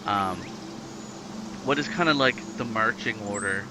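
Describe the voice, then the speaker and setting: A man's voice: fairly low pitch, measured pace. A man narrating a tabletop game as game master in a laid-back way, with many fillers. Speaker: dungeon master. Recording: loud background noise.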